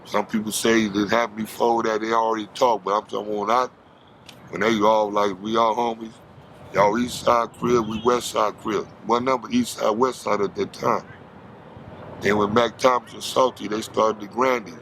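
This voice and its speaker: A man's voice: on the low side, flat delivery, normal speed, a bit bright, slight background noise. A man from Los Angeles telling stories in an interview, heavy with street slang. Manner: street slang, acts out quoted voices. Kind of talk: storytelling interview.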